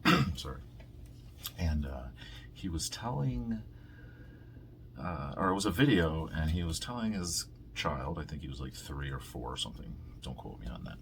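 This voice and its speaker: A man's voice: rumbling low, big pitch swings, slight background noise. A man hosting his own podcast, rambling through a casual rant full of swearing. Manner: rambling, heavy swearing, quick laughs. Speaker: podcast host.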